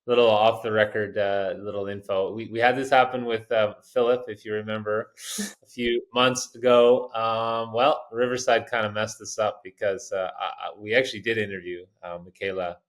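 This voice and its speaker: A man's voice: on the low side, fairly even intonation, moderate pace. A man co-hosting a podcast, speaking hesitantly with many fillers. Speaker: podcast co-host. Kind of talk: casual wrap-up talk.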